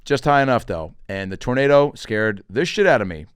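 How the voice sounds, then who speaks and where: A middle-aged male comedian hosts his podcast and rattles off stories and tour dates in a loose, joking way. His pitch swings widely as he talks. The voice is smooth and resonant, picked up close on a dry studio mic. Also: no echo. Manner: animated, joking, swearing, does quick voices for quotes. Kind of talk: casual solo podcast monologue.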